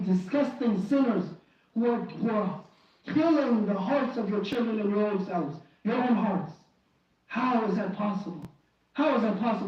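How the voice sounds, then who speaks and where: A man giving an impassioned Friday sermon in a mosque, pleading and fervent, often restarting and repeating phrases. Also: sits high. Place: mosque prayer hall. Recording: very echoey hall, distant and dull.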